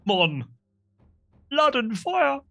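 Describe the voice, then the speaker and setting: A man's voice: big pitch swings, very slow, creaky, pushed and bright, full character voice. A flamboyant old turtle farmer, fussing over his horned bunnies in a lofty, sing-song voice, as a man puts him on. He speaks in a mock island lilt that keeps sliding into a fairy-tale princess tone, soaring well above a normal man's speech and swooping all over. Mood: proudly fussy. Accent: attempted Jamaican turned Disney princess. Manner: high, sing-song, dramatic exclamations. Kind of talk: live tabletop game voice acting.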